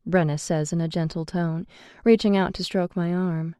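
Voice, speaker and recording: A woman reading a first-person audiobook narration in a slow, measured way. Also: fairly low pitch, fairly even intonation, dark tone, clean tone, no echo.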